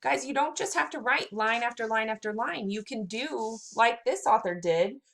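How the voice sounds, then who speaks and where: A woman teacher reading a picture book aloud to her students in an expressive read-aloud manner, stopping to exclaim along the way. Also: fairly high pitch, normal speed.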